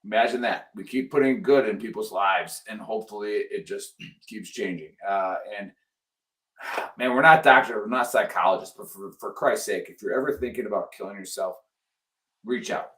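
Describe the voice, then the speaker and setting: A man's voice: lowish voice, normal speed, fairly bright tone. A middle-aged man hosting a casual veterans' show, earnest and pleading, repeating himself for emphasis. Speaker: podcast host. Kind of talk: casual chat.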